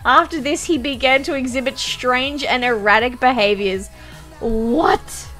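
Young woman streamer, giggly and animated, swears casually, slightly high voice, soft music underneath. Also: unhurried. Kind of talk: casual reaction chat.

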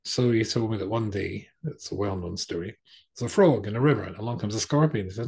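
A man's voice: lowish voice, fast talker, vocal fry, darkish tone, husky. A middle-aged man giving a storytelling sermon as a rabbi, conversational, with frequent ums and restarts.

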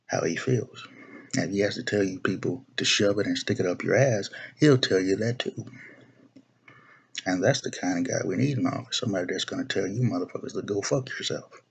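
A young male video blogger gives a blunt, profane political rant to camera, often circling back to repeat himself and restart phrases. His low-pitched voice is husky with vocal fry, moving at a normal speed broken by long pauses.

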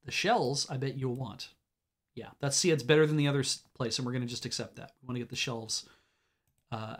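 A man streaming a game, musing out loud and hesitating as he plays. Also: mid-range voice. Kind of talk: casual game stream commentary.

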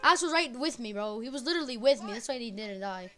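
A woman streaming a game with teammates, yelling and trash-talking loudly with lots of swearing. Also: fairly high pitch, animated, fast talker, soft background music. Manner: loud, profane trash-talking. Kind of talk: live game-stream chatter. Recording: noisy stream audio.

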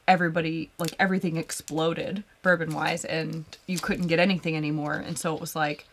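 A woman co-hosting a relaxed live whiskey show, talking casually and expressively. Her voice is bright and crisp, and she reads viewer comments aloud in a chatty way. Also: lowish voice, a little hiss or hum. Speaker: podcast co-host.

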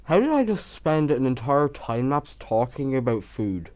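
A man's voice: medium pitch, big pitch swings, a little slow, darkish tone. A young man rambling casually as he voices over his game time lapse, stuttering and poking fun at himself. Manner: rambling, stuttering, self-mocking. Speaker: Minecraft YouTuber.

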